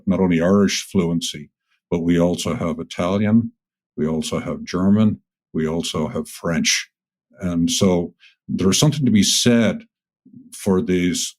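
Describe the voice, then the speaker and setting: A man hosting a podcast, asking questions and thanking his guest in a measured, polite way. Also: low-pitched, a little mellow. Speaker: podcast host. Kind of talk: interview hosting.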